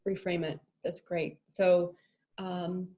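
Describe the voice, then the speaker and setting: A woman's voice: fairly low pitch, level tone, slow pace, mellow. A woman hosting an interview, affirming her guest and asking questions with frequent fillers. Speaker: host.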